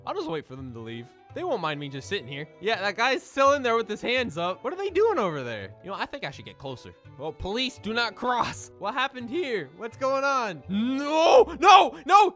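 A man narrates his gameplay in a very high, bouncy voice that swings all over. His tone is bright and sharp. He is excitable and jokey, with faint music playing behind him. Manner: excitable, jokey, shouts and laughs often. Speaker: gaming YouTuber. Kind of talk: gameplay commentary.

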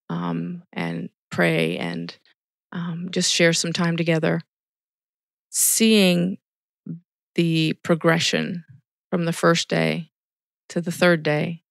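Earnest woman with a gravelly creak. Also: fairly low pitch, no room sound, studio quality. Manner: earnest storytelling with quoted dialogue. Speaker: podcast guest, ministry volunteer. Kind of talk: casual interview talk.

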